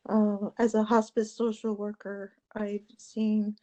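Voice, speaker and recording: A woman who works as a hospice social worker, speaking gently on a video panel. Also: medium pitch, level tone, takes it slowly, low-quality recording. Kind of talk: panel discussion.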